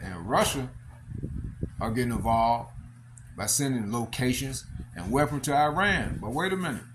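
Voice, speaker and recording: A man's voice: medium pitch, noisy background. A man giving an informal scripture teaching in a loose, rambling way, full of fillers and asides like "man" and "all right?".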